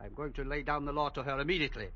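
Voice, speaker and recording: A man's voice: fairly high pitch, very fast, pushed and bright, highs cut off. An actor playing a jealous, pompous male gambler in a 1940s radio drama, stiffly formal in manner.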